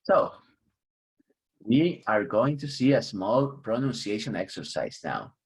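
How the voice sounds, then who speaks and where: A man's voice: lowish voice, very animated, a little slow, slightly rough. A man teaching an online English class, chatty and upbeat, chuckling often and leaning on key words. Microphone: computer mic on a video call.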